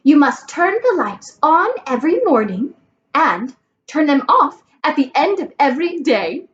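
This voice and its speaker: A woman's voice: sits high, very animated, a little slow, highs cut off, voice pushed up. Woman doing a firm, emphatic schoolteacher. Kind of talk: storybook read-aloud.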